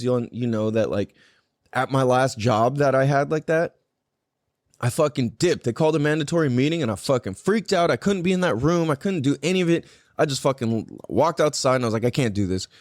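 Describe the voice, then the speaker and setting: A man's voice: medium pitch, darkish tone, no room sound, clean studio sound. A man hosting a podcast in casual chat, rambling and swearing a lot, with plenty of "like" fillers. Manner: rambling and heavily profane, full of "like" fillers. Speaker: podcast host.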